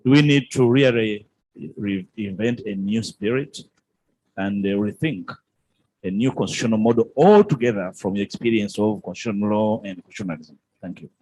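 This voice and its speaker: A man's voice: lowish voice, normal speed, darkish tone, low-quality recording. A man, a workshop participant, putting a question in courteous, elaborate and formal phrasing.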